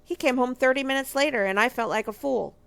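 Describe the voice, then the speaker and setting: Earnest woman with a gravelly voice. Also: high-pitched, quick pace. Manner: earnest, emphatic, repeats phrases for weight. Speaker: marriage ministry speaker. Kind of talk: personal testimony teaching.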